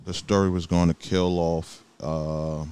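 A man's voice: low-pitched, little pitch movement, unhurried, a little mellow, clear, resonant tone. A man co-hosting a casual podcast chat who moves the talk between topics. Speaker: podcast co-host.

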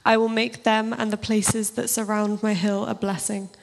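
Woman, slightly husky, narrow flat intonation, steady scripture reading, church talk. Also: medium pitch, moderate pace. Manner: informal and self-deprecating, steady even reading. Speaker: church speaker.

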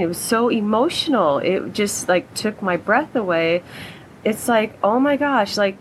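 A woman's voice: mid-range voice, a little hiss or hum, low-quality recording. A woman co-hosting a casual spiritual chat over a remote call, talking in an emotional, gushing, rambling way. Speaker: co-host.

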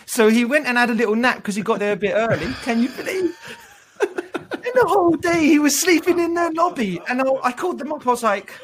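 A man working as a recruiter, casually telling funny stories in an interview, animated and laughing, with frequent restarts. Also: very high voice, normal speed.

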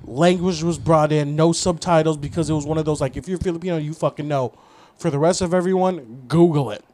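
A man's voice: a little high, a little fast, mellow. A man co-hosting a podcast, bantering and cursing casually between jokes. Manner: joking, profane banter. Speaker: podcast co-host. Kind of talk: casual chat.

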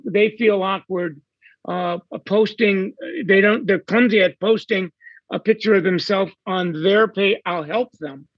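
A man who works as a hairstylist, a podcast guest who talks haltingly with many restarts. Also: high voice, no room sound, dull audio. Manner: hesitant, many fillers and restarts. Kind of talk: casual podcast chat.

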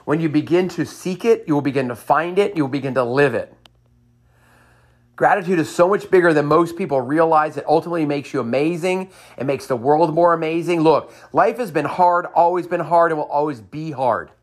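Hosting a motivational podcast, this man cheers listeners on with a personal story and upbeat lines he repeats in a sing-song, enthusiastic way. His voice is a little high and brisk.

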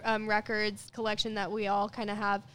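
A woman's voice: mid-range voice, monotone, brisk, a bit bright. A young woman singer, a guest on a podcast, chatting casually, laughing and trailing off with unsure hedges. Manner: giggly, hedging, trails off often. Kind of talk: casual chat.

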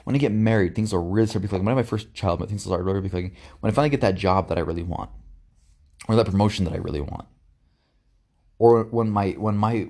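A man's voice: lowish voice, darkish tone. A young man hosting a podcast, talking earnestly and reflectively on his own, often restarting and repeating words. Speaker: podcast host. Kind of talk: casual reflective monologue.

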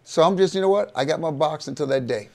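A middle-aged man co-hosting a casual tech chat show, excitable and rambling, calling his co-host "dude" and "bro.". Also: a little high, quick pace, gravelly.

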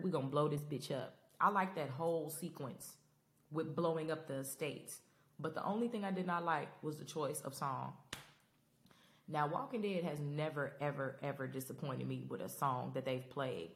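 A woman's voice: low-pitched, moderate pace. A woman hosting a podcast, talking casually and emotionally to her listeners in a Black while recapping a TV finale. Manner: expressive, emotional, rambling, talks to listeners directly. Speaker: podcast host.

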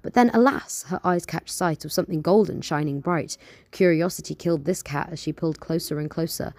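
A woman's voice: sits low, a little fast, darkish tone, dry recording. A young woman hosting her show, chatting casually and reading her own poems aloud in a rambling, playful way. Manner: rambling, filler-heavy, playful. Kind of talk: casual chat and poetry reading.

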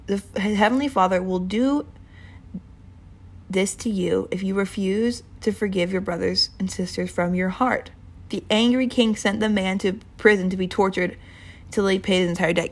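A woman's voice: mid-range voice, fairly even intonation, normal speed. A woman giving an informal, earnest sermon, casual and rambling, with many fillers and restarts. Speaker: Bible teacher.

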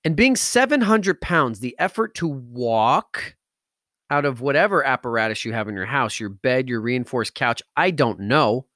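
A man's voice: medium pitch, expressive, moderate pace, a bit bright, no room sound, clean studio sound. A man hosting a podcast, telling an emotional story with intense, emphatic delivery that rises into outbursts. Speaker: podcast host.

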